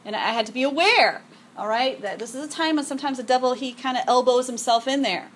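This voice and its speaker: A middle-aged woman giving a devotional talk to a group, animated and chatty, often acting out her own yelling and sprinkling in "okay" and "um". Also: sits high, fast, a little hiss or hum. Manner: frequent "okay" and "um". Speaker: women's event speaker.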